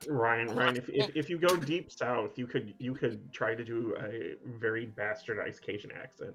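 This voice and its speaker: A man's voice: mid-range voice, steady tone, normal speed, hardly any pauses, fairly bright tone, soft background music. A man teasing his friends in a casual voice chat during an online game. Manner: teasing, jokey banter.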